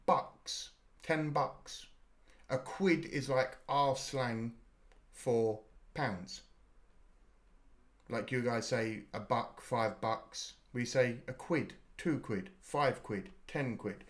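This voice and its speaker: A British man hosts a live watch-party stream in a loose, chatty way. He explains slang to his viewers and drops swear words freely. His voice sits at an ordinary middle pitch. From United Kingdom. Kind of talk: casual live reaction chat.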